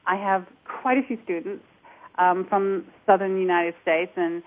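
A woman's voice: on the low side, steady tone, a little slow. A woman working as an accent coach, talking animatedly in an interview and demonstrating accents as she explains. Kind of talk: conversational interview. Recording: tinny phone line.

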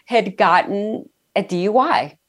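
A woman's voice: mid-range voice, a little slow. A middle-aged woman, a guest in an interview, telling a personal story in a chatty way, with many fillers and frequent laughs.

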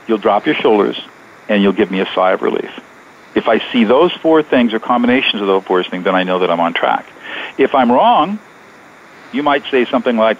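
A man being interviewed as a guest author on radio, explaining his method in a measured, step-by-step way. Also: fairly low pitch, lively intonation, a little hiss or hum. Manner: measured, explanatory, steps through points. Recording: dull lo-fi radio sound.

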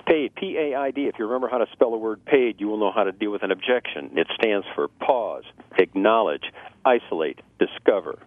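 Male sales trainer guest, quick and animated, acts out customer voices, somewhat low voice, tinny phone-line radio sound. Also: no room sound. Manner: lively, acts out customer dialogue, laughs at own jokes. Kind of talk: radio talk giving sales tips.

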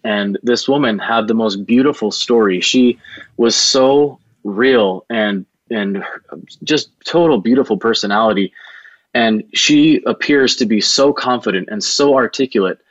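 A man with a fairly low voice tells a long personal story in an interview, earnest and rambling, circling back with fillers and restarts. The sound is dry and a bit dull, like a modest lo-fi recording. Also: unhurried, no echo. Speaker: video production business owner, guest.

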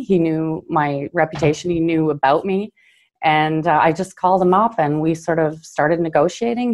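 A woman's voice: sits low, a little mellow. A middle-aged woman from Canada telling her story as an interview guest, earnest and filler-heavy, at times getting choked up. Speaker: guest, car dealership owner.

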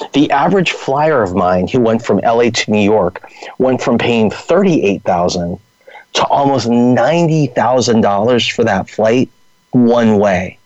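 Animated male storyteller, dry lo-fi sound. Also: medium pitch, dry recording. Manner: animated anecdotal storytelling, acts out quoted dialogue. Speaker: guest entrepreneur and speaker. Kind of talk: storytelling in a podcast interview.

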